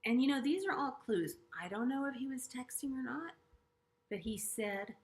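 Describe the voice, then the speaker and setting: A middle-aged woman earnestly telling a personal story to camera, halting and restarting often and dropping to hushed asides. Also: high-pitched, expressive. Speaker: vlogger sharing a personal story.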